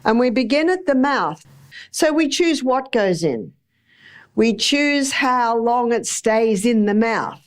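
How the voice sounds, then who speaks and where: A woman's voice: on the high side, animated, slow pace. A middle-aged woman giving a chatty health lecture to a live audience, with homely anecdotes and acted-out examples.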